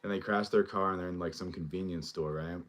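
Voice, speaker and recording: A man's voice: deep voice, steady tone, fairly quick, a bit bright. A male show host giving a casual, rambling recap and review of a TV episode, full of fillers as he retells scenes.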